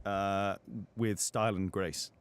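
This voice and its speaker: A man's voice: sits low, level tone, slow, clean tone. A young British man, a voice actor being interviewed, explaining things thoughtfully with frequent fillers. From United Kingdom. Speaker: voice actor guest. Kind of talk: casual interview on a livestream.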